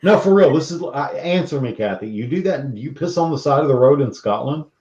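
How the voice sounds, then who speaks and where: A man's voice: medium pitch, expressive, brisk, a little mellow. Brief: campy, sassy male podcast host, cursing freely, roomy dull lo-fi sound. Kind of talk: casual chat, reading viewer comments.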